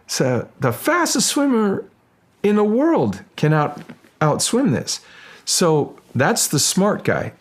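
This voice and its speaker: A middle-aged man, an actor guest in a casual interview, speaking with a husky voice, often restarting his sentences and growing lively as he tells a story. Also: fairly high pitch. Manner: halting, restarts often, grows animated while telling a story.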